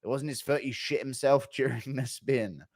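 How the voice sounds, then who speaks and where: A man's voice: mid-range voice, moderate pace, a little mellow, no echo, clean studio sound. A man streaming, reading out donations in a blunt, profane, rambling way. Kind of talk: casual chat reading donations.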